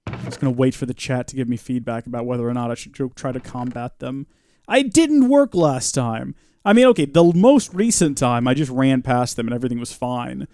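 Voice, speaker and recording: A man's voice: medium pitch, brisk, a little mellow, no room sound. A man giving chatty, joking live gameplay commentary and reading out viewer comments. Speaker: streamer.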